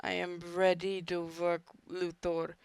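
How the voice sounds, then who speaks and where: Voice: medium pitch, monotone, a little slow, gravelly, clean tone, dry recording, studio quality. A gamer voicing a hulking male mercenary villain with a half-attempted Spanish flavor and Spanish words. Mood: businesslike.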